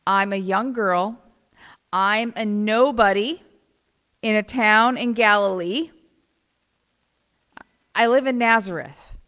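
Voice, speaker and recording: Woman voicing a frightened young biblical girl, bright, pleading protest. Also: medium pitch, slow pace, long pauses, voice pushed down. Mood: flustered. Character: frightened young girl Mary, humble and unsure.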